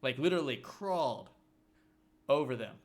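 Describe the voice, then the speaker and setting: Relaxed man explaining a movie plot. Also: mid-range voice, normal speed. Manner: relaxed, matter-of-fact explainer. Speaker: podcast co-host. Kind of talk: casual movie discussion.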